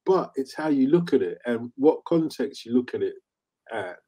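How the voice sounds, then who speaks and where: Man in his fifties, host, casual chat, mellow warm tone, animated storytelling. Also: medium pitch, normal speed, husky. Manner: animated storyteller, laughs easily.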